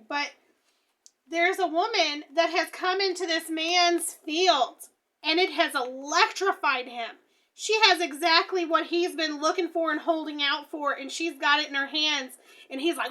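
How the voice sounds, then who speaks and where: A woman doing a tarot reading, high-voiced and bright, swinging from hushed musing to excited exclaiming. She thinks aloud as she turns each card, with a sharp, ringing tone. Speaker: tarot reader.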